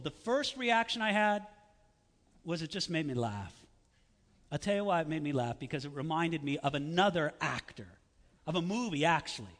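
A man preaching a sermon in a lively, sarcastic way, with mocking asides to his listeners. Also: sits high, big-room sound. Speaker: pastor.

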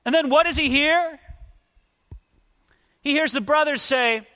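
Animated preacher in a reverberant hall. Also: male voice, very high voice, normal speed, pauses often. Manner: dramatic, acts out Bible figures in quotes. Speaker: pastor. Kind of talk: sermon.

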